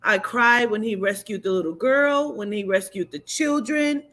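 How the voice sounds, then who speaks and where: A woman's voice: mid-range voice, moderate pace, fairly bright tone. A woman in a casual vlog, emotionally recapping a movie she saw, speaking candidly with fillers and the odd swear word. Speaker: vlogger and spiritual reader.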